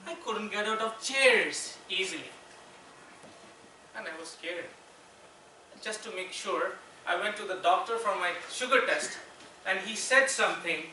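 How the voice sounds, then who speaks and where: Bright-voiced male speaker, slow and dramatic, miked from afar in an echoey room. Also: sits high. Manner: slow, dramatic pauses, rhetorical questions. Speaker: contest speaker. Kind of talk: persuasive speech. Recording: echoey room, far mic, faint noise.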